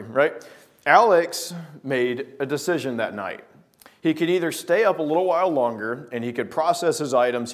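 A man telling a personal story with lively acted-out scenes, then drawing a devotional lesson from it. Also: mid-range voice. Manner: lively storyteller, acting out scenes, often restarting words. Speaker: speaker telling a story to make a life lesson. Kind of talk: anecdote-driven devotional talk.

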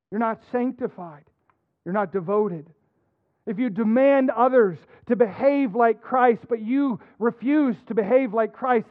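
A man preaching a sermon as a pastor, earnest, dropping soft and then rising to emphatic points. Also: very high-pitched, no room sound. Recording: dry phone-like narrow sound.

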